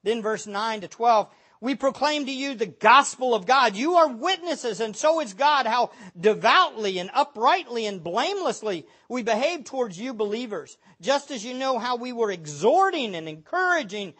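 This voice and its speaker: A preacher giving a sermon, speaking emphatically and reading scripture aloud, building at times to loud exhortation. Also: medium pitch, very animated, normal speed, few pauses.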